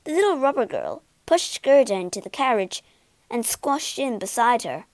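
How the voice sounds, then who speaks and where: A woman reading a storybook aloud in an expressive, unhurried way. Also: fairly high pitch, no echo.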